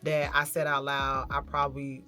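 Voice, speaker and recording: A woman's voice: extremely low pitch, completely flat delivery, normal speed, pushed and bright, soft background music. A woman vlogging in a candid, reflective way, telling a personal story and talking straight to her viewers. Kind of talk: candid casual vlog talk.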